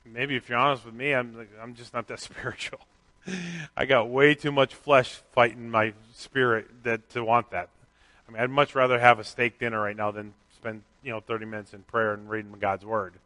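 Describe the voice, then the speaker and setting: A middle-aged pastor giving a candid, conversational sermon with self-deprecating asides. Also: male voice, medium pitch, little pitch movement, moderate pace, pushed and bright.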